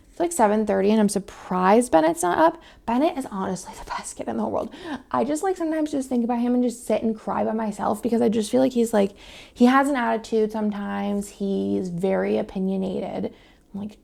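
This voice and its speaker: Gravelly-voiced woman chatting casually. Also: mid-range voice, a little mellow. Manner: chatty, rambling, many fillers; drops to a whisper at times. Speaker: planner vlogger. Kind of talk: casual chat while decorating a planner.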